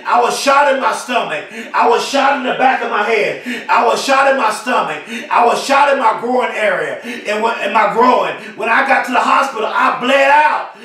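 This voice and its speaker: Fired-up man shouting a motivational speech. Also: very high voice, animated, moderate pace, heavy reverb, distant mic. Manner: fiery, emphatic preaching cadence with repetition. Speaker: motivational speaker.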